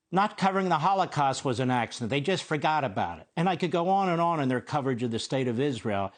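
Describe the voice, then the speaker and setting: A man in his sixties hosting a TV opinion show, delivering an emphatic monologue full of rhetorical questions. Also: medium pitch. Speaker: TV host.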